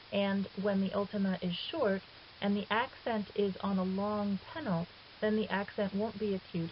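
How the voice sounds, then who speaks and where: A woman calmly explaining a grammar lesson as a recorded teacher, patient and step by step, now and then correcting herself. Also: mid-range voice. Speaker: Greek teacher. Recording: dull hissy lo-fi 2009 recording.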